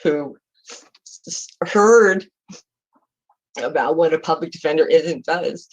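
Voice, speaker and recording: A woman's voice: low-pitched, slow, long pauses, muffled recording. A woman in her sixties from California, a retiring public defender giving heartfelt, emotional farewell remarks over a video call, close to tears.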